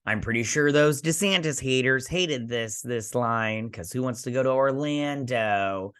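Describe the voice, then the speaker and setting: A man hosting a casual review, retelling an episode with sarcastic asides and quick put-on voices for the characters. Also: mid-range voice, a bit bright, smooth. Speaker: host.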